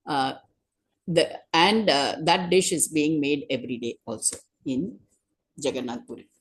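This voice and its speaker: A woman telling a sacred story to a class in a loose, conversational way. She leans on "you know" and "uh" between phrases. Her pitch sits fairly low for a woman. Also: a little slow. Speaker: devotee giving a religious class. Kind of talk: storytelling talk.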